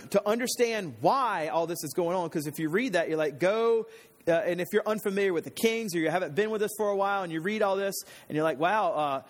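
Guy pastor with a pretty high voice, laid back sermon, tells bible stories like he's chatting with friends. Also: fast, hardly any pauses. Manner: chatty storyteller, retells scripture in everyday slang. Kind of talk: casual Bible teaching sermon.

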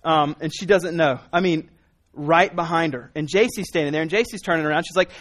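A pastor in his thirties preaches a sermon, telling a family story loosely and conversationally with frequent restarts. His voice is a little high and fairly bright, and he talks fast.

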